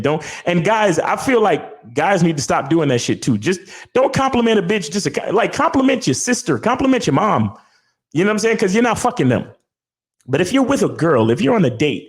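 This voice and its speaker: Profane man giving casual dating advice. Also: mid-range voice. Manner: profane, repetitive, keeps asking "you understand?". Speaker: host. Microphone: talking into a studio mic.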